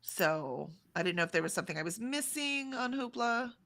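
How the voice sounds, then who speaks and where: Woman in her forties, livestream co-host, bright and chatty, reads chat aloud. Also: a little high, animated, normal speed, slight background noise. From Texas, USA. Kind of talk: casual chat reading out live chat.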